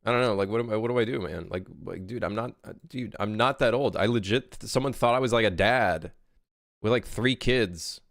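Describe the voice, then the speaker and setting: A man's voice: on the low side, fairly quick, gravelly, a bit bright, dry recording, clean studio sound. A man in his late twenties, a game developer chatting casually on a livestream as he works, reading chat aloud and rambling with plenty of swearing. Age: late 20s.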